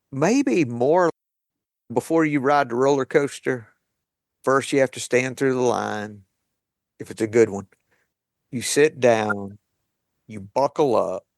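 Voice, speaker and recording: Male host, unhurried and thoughtful, dry close sound, mid-pitched. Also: creaky, no room sound. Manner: slow, thoughtful, with light laughs. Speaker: podcast host leading a recovery meeting. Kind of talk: reflective reading and sharing.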